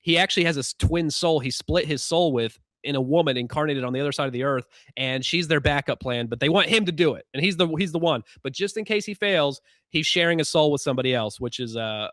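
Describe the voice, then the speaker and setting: A male podcast host rattles through his thoughts quickly in a casual, wry way. His voice sits at a middle pitch. It is recorded close and dry. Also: dry recording. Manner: fast-talking, animated, wry. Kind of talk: casual conversational commentary.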